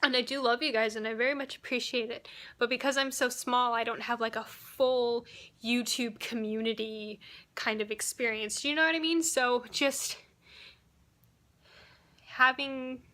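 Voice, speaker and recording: A woman's voice: fairly high pitch, steady tone, moderate pace, sharp tone. A woman vlogging casually, chatty and retelling conversations with plenty of "like" as filler. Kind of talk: casual vlog recap.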